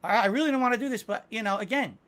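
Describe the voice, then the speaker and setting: A man's voice: sits high, racing, fairly bright tone. A man in an interview, talking in a rambling, defensive and emotional way. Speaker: content creator being interviewed.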